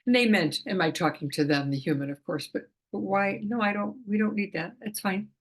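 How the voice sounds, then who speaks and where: A woman's voice: mid-range voice, fairly quick. Chatty middle-aged woman, laughing restarts. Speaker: animal communicator. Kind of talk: casual talking-to-camera explainer.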